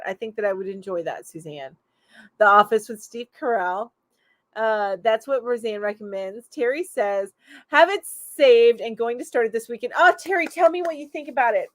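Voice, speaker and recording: A woman's voice: a little high, dry recording. A woman hosting a casual live stream, chatty and enthusiastic, reading out viewer comments and laughing often. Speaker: host of a live crochet chat show.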